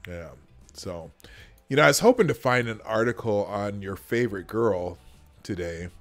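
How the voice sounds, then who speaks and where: A man's voice: lowish voice, lively intonation, normal speed, fairly bright tone, soft background music. Rambling male livestream host. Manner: rambling, many restarts. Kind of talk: casual livestream chat.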